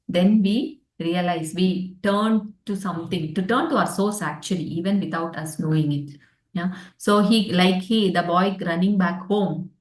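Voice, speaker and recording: Reflective woman teaching a class. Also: mid-range voice. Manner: reflective, searching for words, gentle. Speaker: spiritual study group teacher. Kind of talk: storytelling scripture class. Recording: roomy sound from a distant mic.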